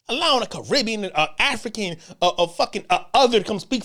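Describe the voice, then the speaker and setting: A man's voice: extremely high pitch, animated, fast talker, hardly any pauses, fairly bright tone. A man delivering a heated, profane, repetitive rant straight to the camera. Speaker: commentator. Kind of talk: ranting to-camera monologue.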